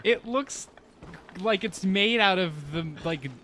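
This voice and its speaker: A man's voice: sits high, animated, slow, pushed and bright. A man chatting casually with friends as a guest on a game playthrough, amused and a bit theatrical. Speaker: let's play guest. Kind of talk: casual group commentary over gameplay.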